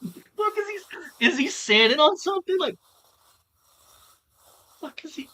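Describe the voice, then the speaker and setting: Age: adult. Sex: man. Style: profane, mocking reaction commentary. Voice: bright, lively pitch. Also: measured pace. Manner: crude, mocking, laughs often. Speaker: stream reviewer.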